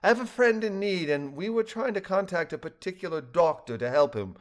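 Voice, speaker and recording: An older man voicing a calm, polite woman coordinating a phone call in a read-aloud story. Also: high voice, a little fast, voice pushed up.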